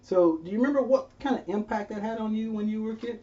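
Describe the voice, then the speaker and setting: Guy chatting with his son, high voice, laughs a lot, kinda far from the mic and muffled. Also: quick pace, mellow. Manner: laughs often while telling stories, acts out voices in quotes. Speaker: interviewer and father. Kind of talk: unscripted conversation.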